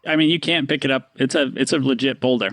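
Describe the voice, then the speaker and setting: Bright-voiced man running a tabletop game. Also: mid-range voice, dry recording. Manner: fast casual narration, many fillers. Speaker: game master.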